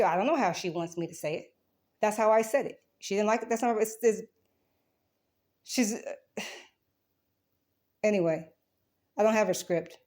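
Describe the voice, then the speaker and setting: A woman's voice: on the high side, measured pace, pauses often, a little mellow. A woman giving a rambling, defensive account of a dispute, swearing often and restarting her sentences.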